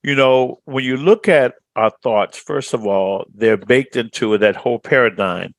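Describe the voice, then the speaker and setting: A man's voice: medium pitch, a little slow, creaky, no echo. A middle-aged man from Chicago, answering interview questions as a speaker trainer in a confident storytelling manner. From Chicago, USA.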